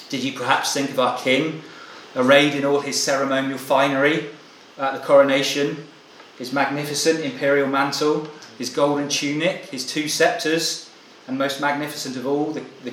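A preacher, a man delivering a sermon to his congregation in an echoey hall. His voice sits at an ordinary middle pitch, and he speaks in an earnest, measured way that sometimes stalls and restarts. A faint ambient hum hangs behind him. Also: a bit bright. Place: church meeting hall.

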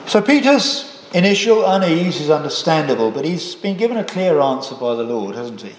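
A man preaching a sermon, measured and emphatic, often closing points with rhetorical questions. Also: a little high, sing-song, a little hiss or hum. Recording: echoey hall.

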